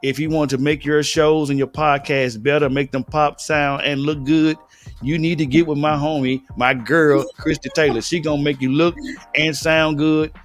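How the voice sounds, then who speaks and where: A man hosting a casual interview, chatty and quick with short affirmations. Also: fairly high pitch, flat delivery. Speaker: host.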